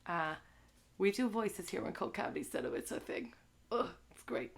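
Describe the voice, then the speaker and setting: Speaking at normal speed in a creaky, medium-pitched voice, a young woman hosts a live movie stream. Her casual talk to the audience is crude, and she tags lines with "all right?"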